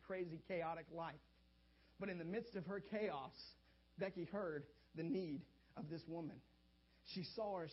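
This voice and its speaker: A man preaching a sermon as a pastor, animated and swinging between hushed and loud delivery, on a dull lo-fi recording. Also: on the high side.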